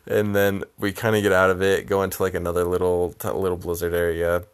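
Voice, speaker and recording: A man's voice: low voice, level tone, a little fast, few pauses, clean tone. A young man telling a long road-trip story in a rambling, casual way, with constant filler words and frequent swearing.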